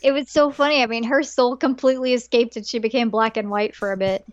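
A woman co-hosting a podcast, relaxed and chiming in with short reactions in casual chat. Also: on the high side, fast, no room sound. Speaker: podcast co-host. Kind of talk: casual chat about an anime episode. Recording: dull lo-fi dry sound.

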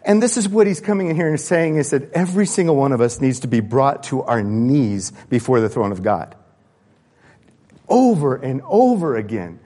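A man preaching a sermon in a church, animated and acting out the voices of the people he quotes. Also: medium pitch, normal speed. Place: church sanctuary. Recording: long church-hall reverb.

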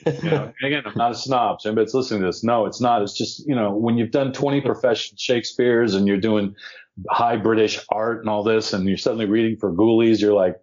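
An older man with a lowish voice spins a showbiz anecdote with relish, playing the other people in it and poking fun at himself. The audio is dull and lo-fi. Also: fast talker. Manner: animated, acts out quoted voices, self-deprecating. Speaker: podcast guest, actor. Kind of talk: anecdotal storytelling.

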